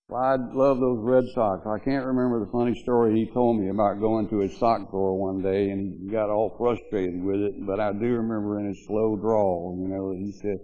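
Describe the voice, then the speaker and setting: A man's voice: on the low side, flat delivery, normal speed, narrow, tinny audio. An older man giving a eulogy at a memorial gathering, telling rambling, folksy anecdotes about an old friend with lots of "you know"s. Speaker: eulogy speaker. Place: memorial gathering, speaking to mourners.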